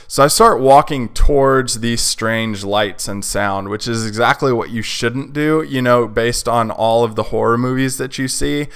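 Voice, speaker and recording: Podcast host, man, mid pitch, clean resonant voice, casual chatty storyteller. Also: steady tone, measured pace, few pauses, a bit bright, clear, resonant tone. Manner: chatty, lots of fillers like "like" and "you know".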